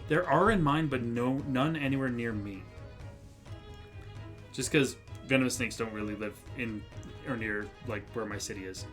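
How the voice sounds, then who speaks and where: A male streamer chats loosely with his viewers, laughing readily and swearing here and there. His voice sits at a middle pitch. Game music runs clearly under everything he says. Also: moderate pace, a bit bright. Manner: chatty, laughs often, swears casually. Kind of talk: casual live-stream chat.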